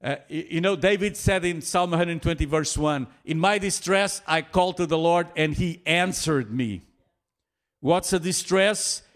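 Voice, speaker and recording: A man preaching a sermon with many restarts, fillers and soft chuckles. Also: a little high. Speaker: pastor.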